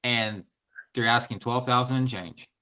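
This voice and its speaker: A man co-hosting a casual film chat, joking with quick asides. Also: medium pitch, sharp tone, clean tone. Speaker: podcast co-host.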